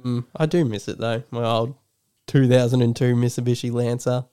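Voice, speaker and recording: A man's voice: mid-range voice, little pitch movement, normal speed, dark tone, clean tone. A young Australian man co-hosting a podcast, chatting about a film in a rambling, laughing way and swearing casually. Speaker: podcast co-host. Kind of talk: casual film review chat.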